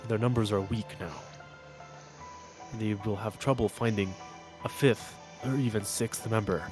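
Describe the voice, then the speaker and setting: A man as game master voicing a formal male former council member who advises the heroes in a measured, solemn way. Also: fairly low pitch, fairly even intonation, over music, natural voice. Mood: advising.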